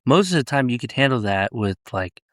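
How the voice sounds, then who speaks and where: Guy talking cop stories, cusses a lot, flat mid voice, dry close mic. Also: mid-range voice, brisk, no echo. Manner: blunt, profane, acts out quoted voices. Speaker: police officer, podcast guest. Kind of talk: casual storytelling chat.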